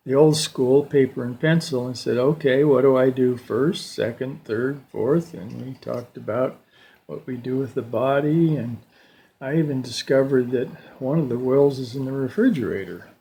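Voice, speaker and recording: An older man giving a slow, reflective personal talk at a church service, telling stories with pauses. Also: medium pitch, gravelly, warm tone. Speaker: church lay speaker.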